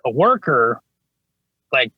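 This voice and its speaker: A man's voice: mid-range voice, big pitch swings, slow pace, husky, dry recording, dull audio. A man, an HVAC service tech, telling stories casually in an interview, rambling with lots of "you know what I mean" and casual swearing. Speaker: HVAC service technician, podcast guest.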